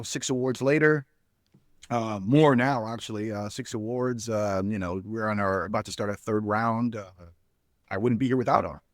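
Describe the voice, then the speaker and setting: In a clean studio recording without room sound, a middle-aged man with a mid-range voice guests on a podcast. The spirits company founder tells a drawn-out story in a relaxed interview style, peppered with fillers and restarts, and he plays out the people he's quoting.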